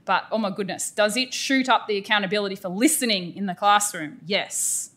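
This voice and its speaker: A middle-aged Australian woman gives an energetic, emphatic professional development lecture to teachers. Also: mid-range voice, fairly quick. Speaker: teacher educator presenting a workshop.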